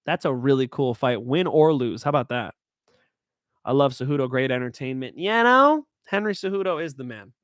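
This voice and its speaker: A man hosting his own show, chatting casually about fight picks in a hype-driven way, swinging between loud and soft. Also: medium pitch, animated, normal speed, no room sound, studio quality. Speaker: show host. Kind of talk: casual fight-pick talk.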